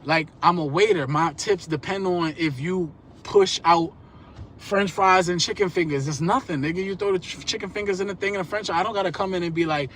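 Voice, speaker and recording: A man's voice: sits high, brisk, fairly bright tone, a little hiss or hum. A man in his thirties telling rambling, profane stories in streetwise slang on a live stream. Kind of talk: casual storytelling rant.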